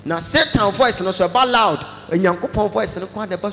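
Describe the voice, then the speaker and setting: A Ghanaian man preaching a sermon, animated, mixing Twi with English phrases and breaking into shouts. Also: high voice, fairly quick, gravelly, hardly any pauses, long reverb tail, slight background noise. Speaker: pastor.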